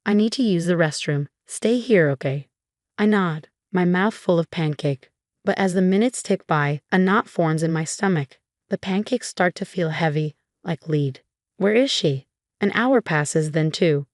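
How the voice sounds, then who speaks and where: Steady woman narrating a story, dry sound. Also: on the low side, measured pace, dry recording. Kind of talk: scripted narration.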